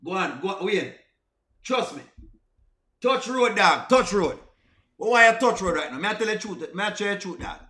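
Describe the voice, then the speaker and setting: A Jamaican man comments on comedy skits for his livestream audience with a bright, sharp tone. He begs and repeats his points, sliding between patois and plainer speech. His voice echoes around the room. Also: sits high, lively intonation, brisk. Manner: pleading and repetitive, mixing patois with plain speech. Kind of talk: casual reaction commentary.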